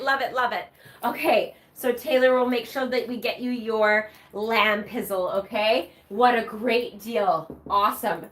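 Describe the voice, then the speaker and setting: A woman's voice: on the high side, measured pace, a bit bright. A woman hosting a live shopping show, bubbly and chatty, cheering during the prize wheel spins. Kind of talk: upbeat live sales presentation.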